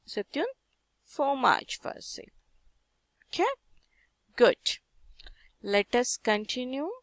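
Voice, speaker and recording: Slow, gravelly Indian woman teaching. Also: sits high, expressive, dry recording, clean studio sound. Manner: patient, asks viewers questions, mixes French terms into English. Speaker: French teacher. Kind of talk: slow step-by-step lesson.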